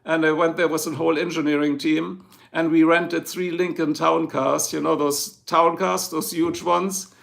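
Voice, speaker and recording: A middle-aged German man with a gravelly, somewhat high voice, hosting a live stream. He speaks English with a clear German accent and rambles loosely, turning again and again to talk straight to his chat. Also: little pitch movement, normal speed, fairly bright tone. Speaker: livestream host. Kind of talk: casual livestream chat.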